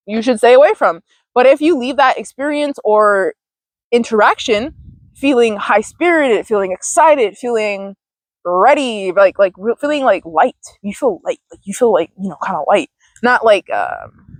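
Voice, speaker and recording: A woman's voice: on the high side, dry recording. A woman hosting a podcast, talking in a casual, chatty monologue that is full of profanity and "like". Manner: chatty and profane, heavy use of "like". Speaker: podcast host.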